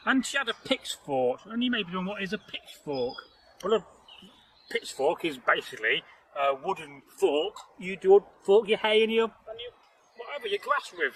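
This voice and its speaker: A man with a high, wildly swooping voice tells a folktale outdoors in nature at normal speed, rambling and joking with lots of "you know" asides as the storyteller host. The audio is poor, with slight background noise.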